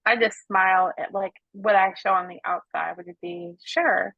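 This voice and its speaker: A woman's voice: mid-range voice, fairly even intonation, moderate pace, no room sound. A woman on a video call in a coaching session, speaking hesitantly with many fillers but openly. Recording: dull, dry video-call audio.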